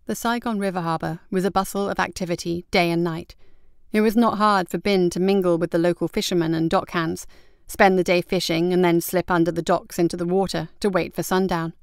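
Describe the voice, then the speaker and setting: A woman reading a story aloud in a measured, scripted narration. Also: fairly low pitch, fairly even intonation, clean tone, no room sound, clean studio sound.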